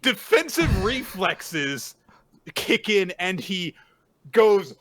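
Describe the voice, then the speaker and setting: A man casually recapping a manga chapter on a podcast, animated and playfully acting out the characters in quick silly voices. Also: medium pitch, a little hiss or hum. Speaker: podcast co-host.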